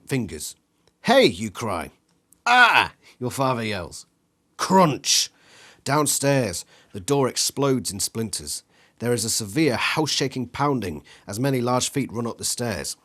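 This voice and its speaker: A man reading an interactive gamebook aloud in an animated way, acting out the sound effects with his voice. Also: medium pitch. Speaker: reader.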